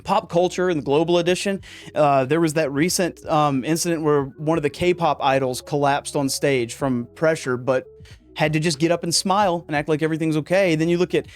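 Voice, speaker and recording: A man's voice: a little high, a little fast, faint music behind. A man hosting a podcast, talking casually and getting worked up, with jokey asides. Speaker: podcast host. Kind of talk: casual podcast monologue on men's mental health.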